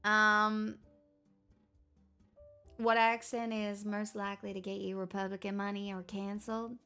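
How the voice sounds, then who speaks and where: A woman's voice: medium pitch, flat delivery, measured pace, pushed and bright, clean tone, soft background music. A woman livestreamer in casual chat, reading viewers' comments aloud and answering them in a playful, teasing way.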